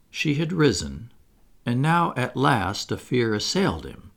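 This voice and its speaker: A man narrating a classic storybook aloud in an expressive reading voice. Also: medium pitch, measured pace, creaky. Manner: expressive, wide-ranging. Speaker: audiobook narrator.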